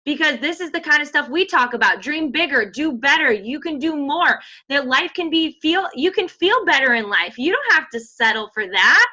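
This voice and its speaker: A woman's voice: sits high, moderate pace, hardly any pauses. A pregnant woman in her thirties leading a motivational team call as a fitness coach, emphatic and full of "like". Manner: energetic, emphatic, filler-heavy pep talk. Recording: dull lo-fi audio.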